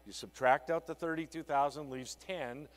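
A man delivers a sales keynote, acting out a client conversation in lively story form. His voice sits a bit high for a man. A long hall reverb trails each line. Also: moderate pace. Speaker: sales trainer. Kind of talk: conference keynote. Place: conference hall.

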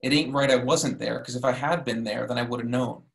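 A man's voice: mid-range voice, fairly even intonation, brisk, gravelly, close to an everyday voice. A man reading aloud the lines of a grim male killer from a short story, in a plain read-aloud delivery.

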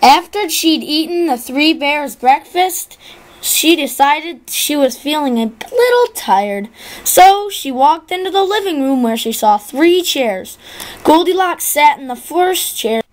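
Slow, lively-voiced young storyteller. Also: female voice, high voice. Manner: slow, sing-song storytelling with small slips. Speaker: narrator. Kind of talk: reading a storybook aloud.

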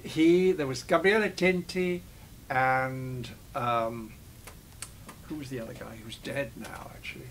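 Older man reminiscing with halting restarts. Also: mid-range voice, a little hiss or hum. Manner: digressive storyteller, halting restarts. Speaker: actor interviewee. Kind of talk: reminiscing interview.

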